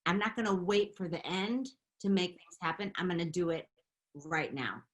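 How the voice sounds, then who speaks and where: A middle-aged woman telling stories in a casual interview, animated and quick to laugh. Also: fairly low pitch. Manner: animated, laughing, chatty storytelling. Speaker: interview guest, makeup artist and beauty founder.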